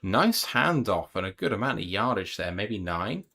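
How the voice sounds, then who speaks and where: A British man hosting a live reaction stream, commentating on plays in quick bursts and reading viewer comments aloud. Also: fairly low pitch, very animated, vocal fry, pushed and bright. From United Kingdom. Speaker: podcast co-host and play-by-play commentator.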